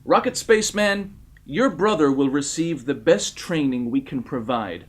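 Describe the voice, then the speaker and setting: A man voicing a smooth, scheming male world president in a comic audiobook reading, talking soothingly. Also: a little high, expressive, measured pace, pitched below the performer's own voice. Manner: soothing, smooth, then loud rallying.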